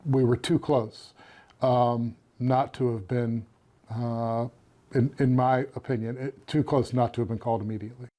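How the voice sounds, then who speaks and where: A man's voice: mid-range voice, steady tone, moderate pace, dark tone. A man, a city official, answering interview questions in a hesitant way with restarts.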